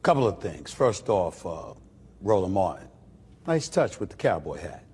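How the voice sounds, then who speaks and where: A man's voice: deep voice, big pitch swings, moderate pace, darkish tone, breathy edge. A man doing online commentary, answering a critic in a taunting, dismissive way. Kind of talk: mocking rebuttal commentary.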